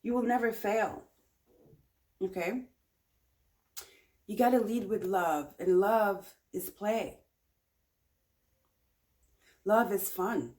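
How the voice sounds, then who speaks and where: A woman talks through a pick-a-card tarot reading in a relaxed, chatty way. She is encouraging and repeats short phrases over and over for emphasis. Her pitch sits in an ordinary middle range for a woman. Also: slow, long pauses. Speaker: tarot reader.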